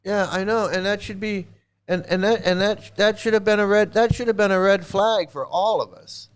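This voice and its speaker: A man's voice: high voice, fairly even intonation, normal speed, smooth. A man hosting a casual monologue, talking emphatically and sarcastically and repeating his points. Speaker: host.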